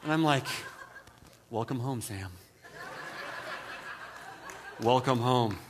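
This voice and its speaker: A man's voice: slow, background noise. A man preaching a sermon, from the Midwest, telling humorous stories with frequent restarts. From American Midwest. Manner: storytelling, self-deprecating humor, many restarts; mimics others with high put-on voices. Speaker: pastor.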